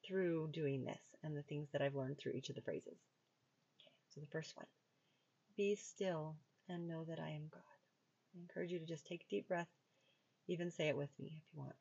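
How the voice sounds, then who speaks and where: A woman hosts her podcast in a relaxed, chatty way, her voice low and a little gravelly. When she leads the meditation she turns soft-spoken and slow. The recording is dry, close and a bit dull. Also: no room sound. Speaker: podcast host. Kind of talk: casual podcast talk and guided meditation.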